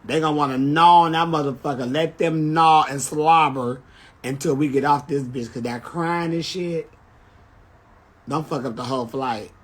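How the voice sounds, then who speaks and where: A man's voice: on the high side, moderate pace. A man chatting casually on a phone livestream, telling brash, profane stories. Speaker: drag performer on a livestream.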